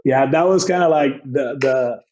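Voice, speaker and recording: A man's voice: medium pitch, moderate pace, a little mellow, muffled recording. A man in his forties, a baseball manager, telling rambling stories as a podcast guest, full of fillers and acted-out quotes. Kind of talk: casual storytelling interview.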